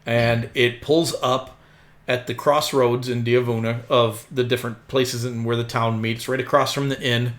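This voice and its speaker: A man's voice: medium pitch, little pitch movement, moderate pace. A man running a tabletop game as game master, narrating casually with fillers.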